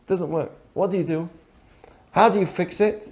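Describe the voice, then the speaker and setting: A man's voice: high voice, normal speed, a little mellow. A man teaching a conversational ethics lesson, asking rhetorical questions and acting out quoted dialogue. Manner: acts out dialogue in quoted voices; asks the audience rhetorical questions. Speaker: Torah teacher.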